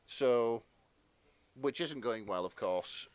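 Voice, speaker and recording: A man co-hosting a podcast, casually reading fan fiction aloud with relaxed asides and the odd swear. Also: mid-range voice, slow pace, clean tone. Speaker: podcast co-host.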